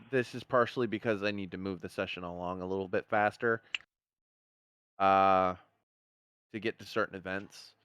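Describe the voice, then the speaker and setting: A man's voice: on the low side, a bit bright, clean tone. A man narrating a tabletop game as game master, casual and swearing freely.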